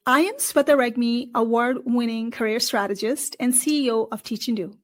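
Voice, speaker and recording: A woman's voice: on the high side, normal speed. A woman with a non-native English accent hosting a podcast monologue, talking in a wry, sarcastic way. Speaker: podcast host and career strategist.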